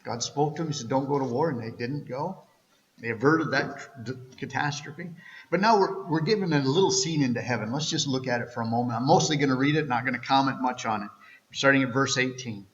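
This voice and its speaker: A man's voice: medium pitch, brisk, a bit bright. A male pastor preaching a sermon in a church, earnest and conversational, with frequent restarts. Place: church sanctuary. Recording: echoey church hall, slightly dull.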